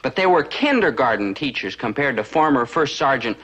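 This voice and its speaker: A nervous young man facing army service in a 1950s sitcom. His voice is bright and animated, and he repeats lines in disbelief. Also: mid-range voice, a little fast, lo-fi sound. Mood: wary.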